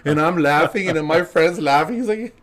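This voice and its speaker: A man telling a story as a podcast guest, casual and animated, laughing and acting out other people's lines. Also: a little high, fairly quick, a crowd in the background. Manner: animated, laughing, acts out quotes.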